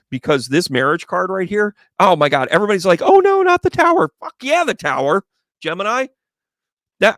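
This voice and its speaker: A man reads tarot live for his viewers, bouncing between playful jokes and loud exclamations. His voice has a gravelly, fry-laden edge. The recording is dry and close. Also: sits high, no echo. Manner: excitable, playful, profane, exclaiming. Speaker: tarot reader.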